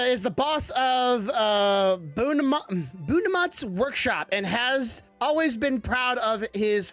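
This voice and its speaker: A woman's voice: on the high side, dry recording. A woman giving casual commentary while playing a game, chatty and self-mocking, stumbling as she reads the text aloud. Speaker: gaming streamer.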